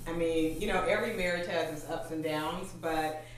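A woman's voice: sits low, fairly even intonation, normal speed, a little hiss or hum. A middle-aged woman, a guest realtor, telling stories in casual chat with light laughs. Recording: very echoey room, mic far off.

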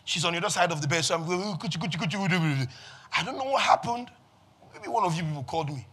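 A man preaching a sermon to a congregation with call-and-response, swinging from quiet to shouting. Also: high-pitched, animated, racing, breathy edge. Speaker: pastor. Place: church with congregation.

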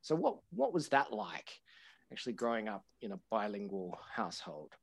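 A man's voice: lowish voice, big pitch swings, normal speed, creaky. A man with an Australian accent hosting a casual interview, with dry, sarcastic humor and easy laughs. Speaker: podcast host.

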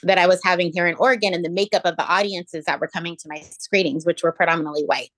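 A woman's voice: lowish voice, fairly even intonation, fast talker, a bit bright, no echo. A woman guest in an interview, telling stories in a reflective way with many fillers and restarts. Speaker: interview guest, education equity director. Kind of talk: conversational storytelling in an interview.

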